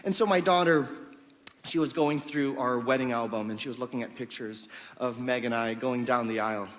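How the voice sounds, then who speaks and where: A man's voice: mid-range voice, normal speed, a bit bright. A man preaching a sermon as pastor, telling a family story with repeated words and asking "amen?". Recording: long reverb of a large hall.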